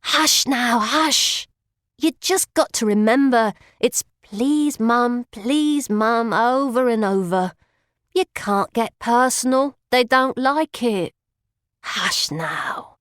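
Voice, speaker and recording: A woman doing a gentle street boy. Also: on the high side, slow pace, no echo, clean studio sound. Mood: soothing. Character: kindly street boy, older brother type.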